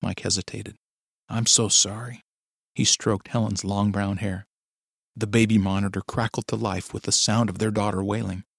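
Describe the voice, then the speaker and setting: A man narrating a dark story in a low, measured storytelling voice. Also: level tone, vocal fry, dry recording, clean studio sound. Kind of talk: dramatic audiobook narration.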